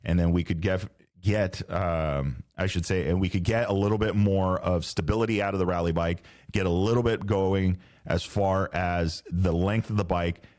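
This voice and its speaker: A man's voice: deep voice, a little mellow. A middle-aged man from Southern California hosting a casual solo podcast, rambling and correcting himself, with laid-back slang. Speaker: podcast host. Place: home podcast studio.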